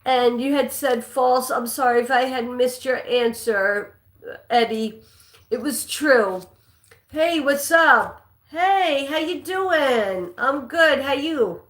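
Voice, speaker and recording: A woman's voice: sits high, slow pace, fairly bright tone. A woman hosting a live-stream trivia game, chatting with viewers and reading questions aloud, sometimes stumbling and restarting a line. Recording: echoey room.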